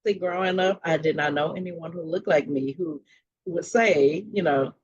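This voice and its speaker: A woman's voice: on the low side, normal speed, highs cut off, a crowd in the background. A woman, a mental health coach, telling her personal story as a podcast guest, acting out dialogue in a casual, blunt way with slang.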